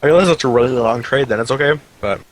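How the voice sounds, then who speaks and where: A man co-hosting casual game commentary, giving quick, opinionated takes. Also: mid-range voice, no echo, rough recording. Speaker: co-caster.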